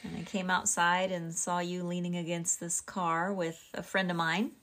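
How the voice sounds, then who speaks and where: A woman's voice: on the low side, level tone, moderate pace, a bit bright. A middle-aged woman co-hosting a podcast, chatting casually and chiming in with laughter. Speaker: podcast co-host. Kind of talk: casual storytelling chat.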